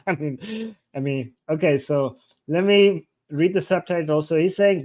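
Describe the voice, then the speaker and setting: A man's voice: a little high, unhurried, a little mellow. A man hosting a live stream, casually translating a video line by line and thinking aloud as he reads subtitles.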